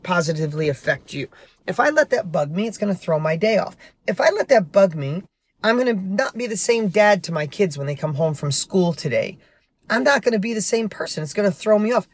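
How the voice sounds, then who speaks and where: A middle-aged man hosting a podcast, telling a personal story in a candid, animated way with some mild swearing, recorded from his parked car. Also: on the high side. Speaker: podcast host. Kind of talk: motivational monologue.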